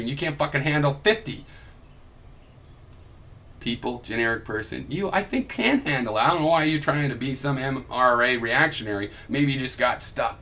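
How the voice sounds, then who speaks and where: A man's voice: medium pitch, bright, forceful tone. A young adult man recording a heated reply vlog, ranting in a combative, sarcastic and profane way. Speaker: video blogger.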